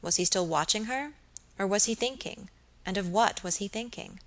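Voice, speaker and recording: A woman narrating a Victorian novel as an audiobook, in a measured storytelling manner. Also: medium pitch, a bit bright.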